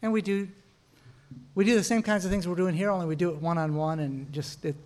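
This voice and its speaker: Lively middle-aged man teaching and telling stories. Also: high voice. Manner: storytelling with quick laughs, punchy asides. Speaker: Christian marriage teacher. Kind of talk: sermon-like teaching talk.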